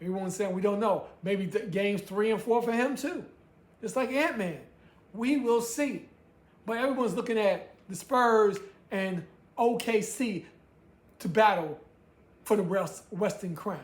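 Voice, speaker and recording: A woman's voice: medium pitch, measured pace. Ranting woman sports host, echoey room. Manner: emphatic, ranting, repeats phrases. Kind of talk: solo sports talk show.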